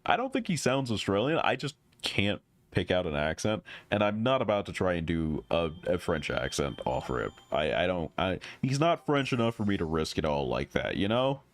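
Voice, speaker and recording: Deep-voiced, animated male game reader. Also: normal speed, few pauses. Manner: joking, animated asides. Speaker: game streamer. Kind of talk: reading a game aloud with jokes.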